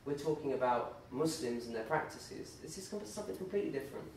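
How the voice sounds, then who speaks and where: A man giving an informal, animated talk full of anecdotes and fillers, in a university lecture room. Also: medium pitch, fast talker, vocal fry, slight background noise. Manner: animated, acts out voices in the stories, many fillers. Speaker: guest speaker at a campus talk. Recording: very echoey room, distant mic.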